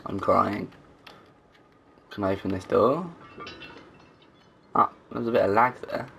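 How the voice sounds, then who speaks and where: A man's voice: lowish voice, takes it slowly, vocal fry, long pauses, fairly bright tone, slight background noise. A man casually commenting as he plays a game, swearing and joking to himself. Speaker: gamer. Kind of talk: let's play commentary.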